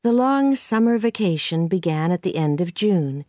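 A woman narrating a simple storybook in a clear, slow, careful way. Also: on the low side, lively intonation, warm tone, dry recording, clean studio sound. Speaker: audiobook narrator. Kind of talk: scripted narration of a simple reader.

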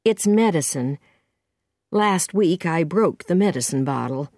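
A woman's voice: lowish voice, lively intonation, unhurried, a little mellow, dry recording, studio quality. A woman reading a firm, practical older woman.

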